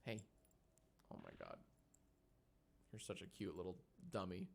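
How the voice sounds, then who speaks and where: A creaky, low voice with huge pitch swings belongs to a man in his thirties streaming from his home editing room, speaking a little slowly. He jokes with chat, runs polls, and coos softly at his dog, with a little hiss or hum in the audio.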